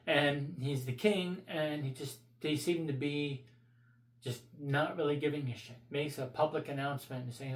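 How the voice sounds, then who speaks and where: A man's voice: on the high side, steady tone, moderate pace, reverberant. Blunt profane man ranting. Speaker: vlogger. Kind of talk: casual opinion rant.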